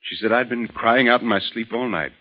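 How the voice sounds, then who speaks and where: An actor playing a calm, skeptical male visitor who also narrates, speaking in a measured, questioning way in an old-time radio drama. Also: medium pitch, natural voice. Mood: somber. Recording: muffled old radio recording.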